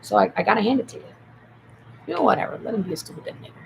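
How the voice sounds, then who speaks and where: A speaker in a rambling monologue while typing, repeating points emphatically and swinging between whispers and loud outbursts. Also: mid-range voice, expressive, very fast, gravelly, slight background noise, rough recording. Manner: repetitive, emphatic.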